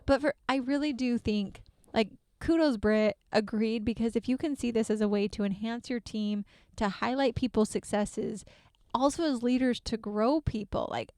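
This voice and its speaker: A woman hosting a podcast in casual chat, animated and laughing often, acting out what others say. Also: on the high side, moderate pace, no room sound. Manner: animated, laughs often, acts out quoted voices. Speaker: podcast host.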